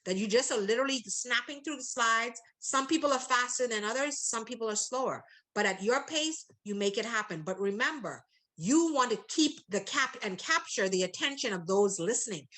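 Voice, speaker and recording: Bright-voiced woman leading a video call. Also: a little high, normal speed, low-quality recording. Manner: animated, playful, teasing participants with mock quotes. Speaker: trainer leading an online presentation. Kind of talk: online training call.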